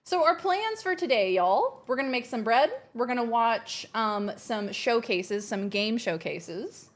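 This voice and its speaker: Woman streamer, upbeat and chatty, slightly high voice, casual livestream talk with chat. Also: fairly bright tone. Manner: bubbly, chatty, reacting to chat. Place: home, kitchen.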